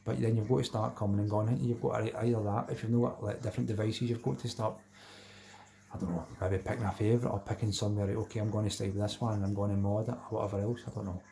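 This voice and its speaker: Hosting a live stream, a middle-aged Scottish man casually talks with his audience and reads out what they write, repeating himself and calling each person mate. His voice is fairly low, gravelly, and dark in tone, delivered flatly at a rapid-fire pace.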